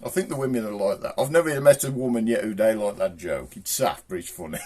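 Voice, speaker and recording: Man, Black Country accent, joke teller, animated pitch, acts out the characters, faint hiss behind. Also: moderate pace. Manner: lively storytelling, voices his characters with shouts and raised pitch. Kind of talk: telling jokes.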